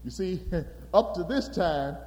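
A man preaching a sermon in an animated, emphatic way, calling out to his congregation. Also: high voice, slow. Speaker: pastor. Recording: long hall reverb.

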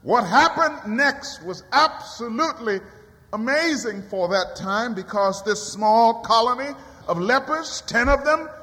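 High bright-voiced preacher in a reverberant hall. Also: male voice, expressive, a little slow. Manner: dramatic rising cries and quiet drops. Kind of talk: sermon. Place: church.

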